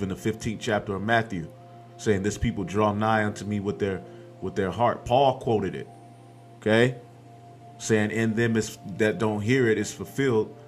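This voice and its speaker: A man preaching a scripture-reading sermon, quoting verses aloud and tagging his points with "man" and "okay", with a faint hint of music behind. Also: lowish voice.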